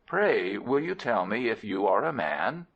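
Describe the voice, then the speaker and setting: A man's voice: lowish voice, sing-song, a little slow, gravelly, a bit bright, heavily acted. A man voicing a young male lion who talks in a polite, eager, curious way. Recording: dull lo-fi recording.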